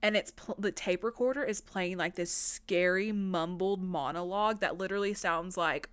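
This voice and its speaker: A woman recapping a film on her podcast in a loose, chatty way, swearing freely and leaning on filler words. Her voice is smooth and clear, and the sound is dry and close with no room around it. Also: lowish voice, normal speed, no echo. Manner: chatty, profane, lots of "like" fillers. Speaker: podcast host.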